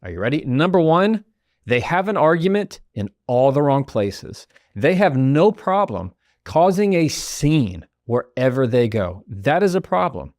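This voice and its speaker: A man's voice: mid-range voice, measured pace, no echo, studio quality. A man, hosting a motivational podcast and acting out quoted voices. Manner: animated, acts out quoted voices. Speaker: podcast host.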